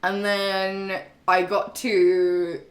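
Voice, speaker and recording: A woman's voice: medium pitch, little pitch movement, drawn-out words. Young woman streaming, chatty and sweary, echoey room. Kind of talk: casual chat.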